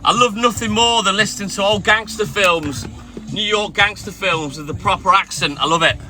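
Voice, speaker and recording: Music plays in the background as a man does his milk round, talking from the delivery vehicle to his live-stream audience and welcoming them by name. His voice sits high, pushed and bright, moving at a normal speed.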